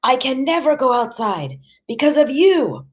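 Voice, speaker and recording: A woman voicing a worn-down middle-aged mother who pleads in a shrill, broken way. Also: big pitch swings, normal speed. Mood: desperate.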